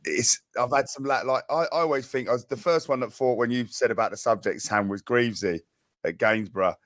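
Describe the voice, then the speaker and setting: A man's voice: medium pitch, brisk, no room sound. Middle-aged guy telling footy stories, laughy, stops and restarts a lot, dry close sound. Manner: animated storytelling with laughs and restarts. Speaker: podcast co-host, ex-footballer. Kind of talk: casual chat.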